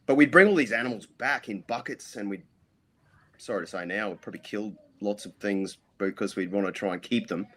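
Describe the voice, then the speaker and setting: A man's voice: on the low side, a little fast, a bit bright. A middle-aged Australian man, a podcast guest, telling rambling stories full of ums and restarts. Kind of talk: casual interview storytelling.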